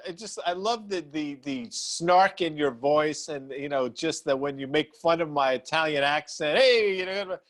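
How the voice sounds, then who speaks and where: A man's voice: fairly high pitch, moderate pace, hardly any pauses, a bit bright. A man co-hosting a finance show, talking in a chatty, good-humored way. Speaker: co-host. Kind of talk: casual banter on a finance show.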